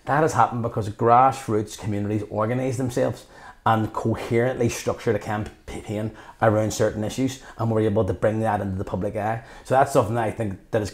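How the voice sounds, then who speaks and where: Fast-talking Belfast man. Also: fairly low pitch. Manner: passionate, animated storyteller who acts out quotes. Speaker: guest. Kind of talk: conversational interview.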